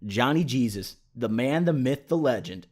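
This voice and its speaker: A man's voice: medium pitch, expressive, moderate pace, a little mellow. Profane young man telling stories. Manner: profane, joking storyteller. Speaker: YouTuber. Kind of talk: casual storytelling vlog.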